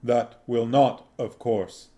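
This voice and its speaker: A man reading aloud, voicing Death as a calm, formal skeletal reaper in a slow, measured, solemn way. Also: medium pitch, close to an everyday voice. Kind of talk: audiobook reading.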